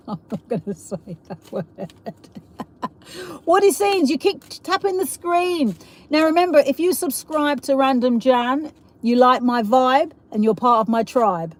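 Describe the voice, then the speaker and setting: High-voiced and animated, though a little slow, she hosts a casual live stream with plenty of rambling chatter and laughter. The host is a middle-aged Englishwoman with a South East London accent who reads her viewers' comments aloud.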